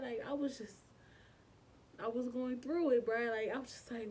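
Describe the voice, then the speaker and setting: A woman's voice: on the high side, steady tone, moderate pace, a little mellow, far from the mic, a little hiss or hum, low-quality recording. A young woman, telling a painful personal story in a casual, emotional way, with frequent swearing and slang. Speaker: vlogger. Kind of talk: storytime vlog.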